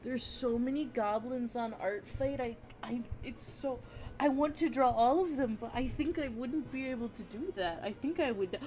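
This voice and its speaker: A woman chatting casually on a livestream while she draws, gushing and giggling, with bursts of excitement and casual swearing. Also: on the high side, moderate pace, faint music behind. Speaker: art streamer.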